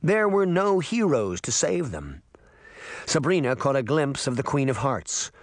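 A man narrating a storybook aloud with an expressive reading. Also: mid-range voice, measured pace, no room sound. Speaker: audiobook narrator.

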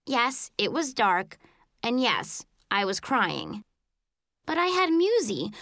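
A woman narrating a children's book in the first person, telling it in an expressive, childlike way. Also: high-pitched, no room sound, clean studio sound. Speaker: audiobook narrator.

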